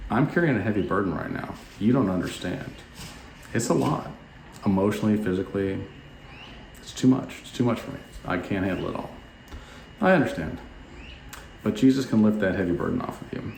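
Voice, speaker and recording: A man vlogging his house renovation in a playful, mock-excited way, then turning to earnest preaching. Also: on the low side, creaky, slight background noise. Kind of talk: casual talk to camera with preaching. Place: unfinished house interior. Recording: echoey empty house.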